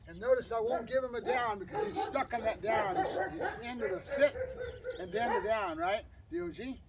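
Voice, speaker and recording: Guy talking through dog training, high voice, mic kinda far off, lots of noise around. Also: very animated, normal speed, vocal fry. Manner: chatty, explains while praising the dog in short bursts. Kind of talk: casual training vlog with commentary. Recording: distant mic with loud background noise.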